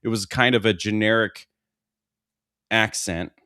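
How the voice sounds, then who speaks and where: Low-voiced man in casual chat. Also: steady tone, unhurried, bright, forceful tone, no room sound, clean studio sound. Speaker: podcast co-host.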